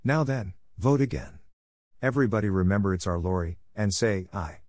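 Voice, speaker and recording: A man's voice: fairly low pitch, animated, brisk, a little mellow, no echo, clean studio sound. A man reading aloud, voicing a bold tomboyish teenage girl who pleads earnestly in an audiobook. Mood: excited. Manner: eager, earnest persuading. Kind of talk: audiobook character voice.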